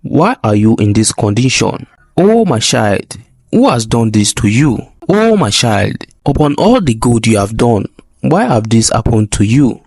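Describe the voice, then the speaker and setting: A man's voice: mid-range voice, sing-song, unhurried, darkish tone, husky, no echo, exaggerated voice. A man doing a grieving village father. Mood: lamenting.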